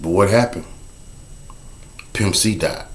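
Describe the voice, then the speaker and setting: A man telling his own story in a casual, animated way, dropping to a low murmur for a repeated refrain. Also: takes it slowly.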